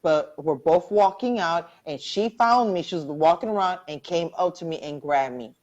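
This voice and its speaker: Low-voiced woman, earnest testimony. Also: moderate pace, a little mellow, dull audio. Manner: earnest, heartfelt, repeats phrases for emphasis. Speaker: cancer survivor sharing her story. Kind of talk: personal testimony in a live online interview.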